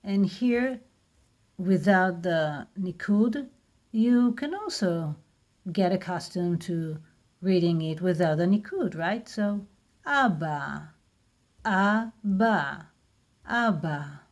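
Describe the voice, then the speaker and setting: A woman's voice: fairly low pitch, warm tone. A woman with an Israeli accent teaching a lesson, patiently repeating each word. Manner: patient, repeats words slowly. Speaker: Hebrew teacher. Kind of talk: slow spoken lesson.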